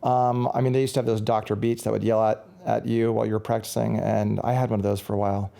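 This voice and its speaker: A man with a gravelly, fry-edged voice talks through a casual gear review. His tone is mellow and relaxed, and he rambles along, correcting himself as he goes. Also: fairly low pitch, fast. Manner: rambling, chatty, self-correcting.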